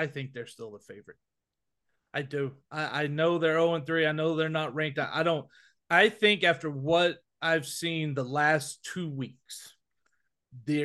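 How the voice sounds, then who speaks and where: A man co-hosting a college football podcast, talking emphatically with quick restarts. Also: a little high, a bit bright. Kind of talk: casual sports podcast chat.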